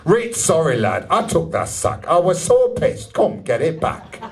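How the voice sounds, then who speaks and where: A gruff, apologetic Yorkshire man with a blunt Northern English accent, put on by a male performer. He sounds rough-edged and plainspoken, with a slightly high-pitched voice. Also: wildly swooping pitch, unhurried. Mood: sheepish. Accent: Northern English (imitated). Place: live music pub venue.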